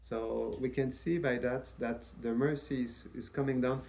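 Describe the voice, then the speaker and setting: A man giving a devotional lecture as a spiritual teacher, in a measured, reverent way with frequent restarts. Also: mid-range voice, fairly even intonation, vocal fry, a little mellow.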